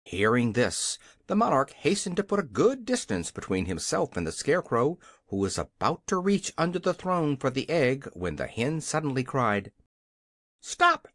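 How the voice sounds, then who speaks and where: An audiobook narrator reading a children's fantasy story in an expressive storytelling way. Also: medium pitch, moderate pace, hardly any pauses, no echo, studio quality. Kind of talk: scripted narration.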